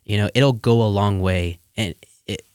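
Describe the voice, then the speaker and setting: Earnest low-voiced man in a dry room. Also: moderate pace, a little mellow, clear, resonant tone, no echo. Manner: earnest, lots of "you know" fillers. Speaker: guest. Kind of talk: casual chat.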